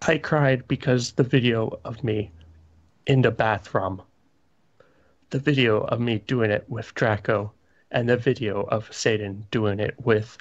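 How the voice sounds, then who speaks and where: A man reading a story aloud with friends, deadpan, even reading out the punctuation. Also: mid-range voice, measured pace. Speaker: reader in a group reading. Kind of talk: casual comic reading with friends. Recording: dull lo-fi mic.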